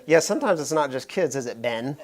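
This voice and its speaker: A man's voice: mid-range voice, lively intonation, a little fast. A man in his thirties preaching a sermon, telling a family story in a chatty way and asking the listeners questions. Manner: conversational, asks the listeners questions. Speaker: pastor.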